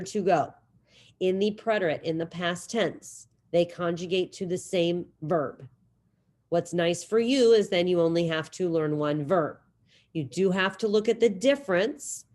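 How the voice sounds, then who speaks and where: A woman's voice: fairly low pitch, darkish tone. Woman teaching a video-call class. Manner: drills conjugations slowly, then talks quickly. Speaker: Spanish teacher. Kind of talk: online class lecture with screen share. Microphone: computer mic on video call.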